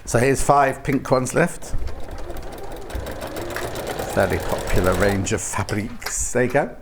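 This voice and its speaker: A man's voice: medium pitch, slow pace, background noise. A man with a British accent presenting live sales on a shopping channel, upbeat and urging viewers to buy. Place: TV studio.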